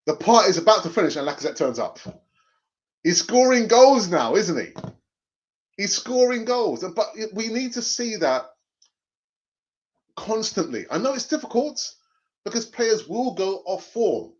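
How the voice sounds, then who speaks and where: A middle-aged man, hosting a fan live stream, animated and jokey, laughing often and repeating phrases. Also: sits high, moderate pace, pauses often. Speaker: fan channel host reading live chat. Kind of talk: casual live-stream chat. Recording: dull lo-fi sound.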